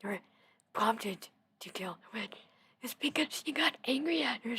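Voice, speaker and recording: A young woman reading a storybook in a soft whisper into a close mic, with casual chatty asides. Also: a little high, expressive, a little slow, a little hiss or hum. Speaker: gaming video host reading aloud.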